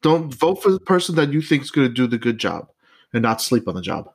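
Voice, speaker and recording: A man's voice: medium pitch, sing-song, fairly quick. A man co-hosting a podcast, chatting in a crude, teasing way and laughing often. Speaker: podcast co-host. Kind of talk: casual chat.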